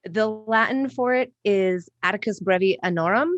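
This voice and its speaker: A woman in her thirties, a guest on a comedy podcast, talking in a deadpan, matter-of-fact way. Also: medium pitch, moderate pace, no echo, dull audio. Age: 30s.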